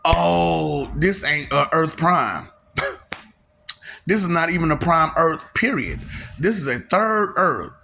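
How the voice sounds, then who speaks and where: A man delivers a rambling solo monologue, taunting and manic, breaking into cackling laughter. His voice sits a little high and sounds bright and tense, and it swings widely in pitch. A gravelly fry runs under it. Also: lively intonation, slow, slight background noise. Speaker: vlogger.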